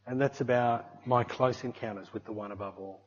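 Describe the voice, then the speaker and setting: A middle-aged man preaching a sermon in an animated, conversational way, often tagging his sentences with "eh" and "hey". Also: medium pitch, a little fast. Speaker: pastor. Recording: muffled lo-fi recording.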